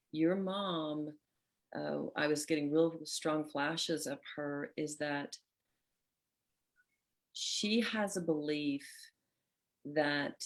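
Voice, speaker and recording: A woman life coach hosting a live call, calmly explaining and reassuring. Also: sits low.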